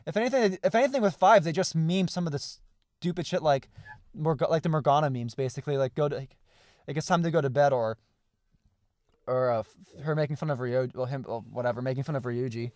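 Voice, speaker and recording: A man's voice: fairly high pitch, brisk, darkish tone, dry recording, studio quality. A man co-hosting a podcast, rambling casually and restarting his words as he talks. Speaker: podcast co-host. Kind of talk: casual chat.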